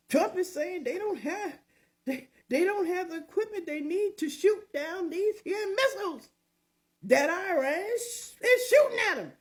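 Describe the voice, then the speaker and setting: An older woman hosts her own opinion show and talks with sass and mockery, leaning hard on her words. Her voice sits high and swoops a lot. She takes her time, drawing each point out slowly. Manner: sassy, mocking, emphatic, drawn-out. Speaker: commentary show host. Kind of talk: opinionated commentary.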